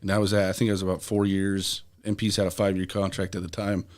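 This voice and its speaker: Young guy on a podcast, lowish voice, swears a lot, keeps wandering off track. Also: little pitch movement, brisk, darkish tone. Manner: profane, rambling anecdotes. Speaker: podcast guest. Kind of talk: casual storytelling.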